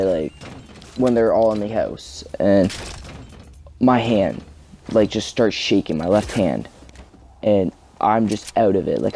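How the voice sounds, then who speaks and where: A man's voice: on the low side, vocal fry, mellow, slight background noise. A man vlogging a personal story in a casual, rambling way, full of "like" fillers. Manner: rambling, heavy use of "like" fillers.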